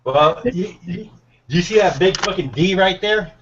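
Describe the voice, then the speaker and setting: A man with a fairly high voice chats casually over a video call, laid-back and swearing often. He sounds set back from the microphone. The sound is dull and lo-fi. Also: animated, measured pace, recorded from a distance, slight background noise. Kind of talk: casual chat.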